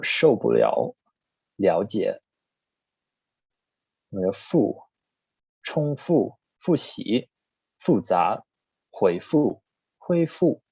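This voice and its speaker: A man teaching a recorded language lesson, reading word lists one item at a time in a plain, steady way. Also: fairly low pitch, vocal fry, slightly rough, no echo. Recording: slightly dull lo-fi recording.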